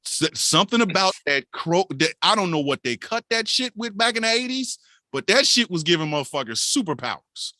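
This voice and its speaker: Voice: mid-range voice, brisk, no room sound, clean studio sound. A podcast co-host telling a wild story with lots of swearing. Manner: animated, profane storytelling. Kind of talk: casual storytelling.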